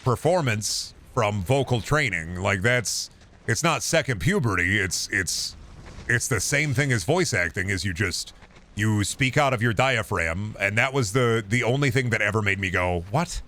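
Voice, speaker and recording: A man in his thirties with a deep voice, chatting casually on a stream into a boom mic, rambling with many restarts and casual swearing. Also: lively intonation, normal speed, pushed and bright. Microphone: boom microphone with compressor and EQ.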